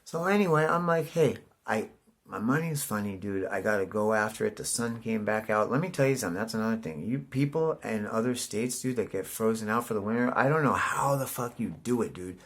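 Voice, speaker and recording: A man's voice: fairly low pitch, brisk. A man in his forties from California, rambling casually to the camera, swearing and saying "dude" constantly. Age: 40s. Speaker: vlogger.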